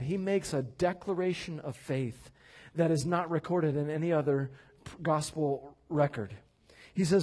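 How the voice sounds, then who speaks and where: A man preaching a sermon as pastor in a church, animated, acting out quoted voices and rising to loud declarations. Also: on the high side, unhurried. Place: church sanctuary.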